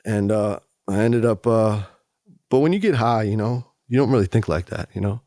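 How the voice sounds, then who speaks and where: A man telling his story in a candid, animated conversational way, often slipping in "you know" and "man". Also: on the low side, normal speed, no room sound, studio quality. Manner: animated, acts out other voices, frequent "you know" and "man". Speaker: guest.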